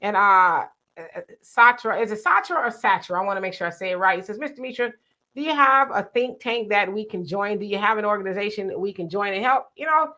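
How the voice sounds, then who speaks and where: Woman, livestream co-host, relaxed conversational read of chat comments. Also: mid-range voice, a little fast. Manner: reads viewer comments aloud and responds conversationally. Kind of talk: casual live discussion.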